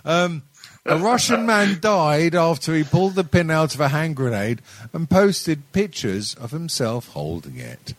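A man's voice: on the high side, sing-song, measured pace, no echo. A middle-aged man hosting a podcast, telling a story in a rambling, sweary way and laughing often. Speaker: podcast host. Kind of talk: casual comedic chat.

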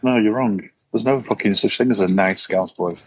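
Blunt, sweary man, low husky voice. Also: moderate pace, dry recording, dull audio. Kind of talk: casual chat.

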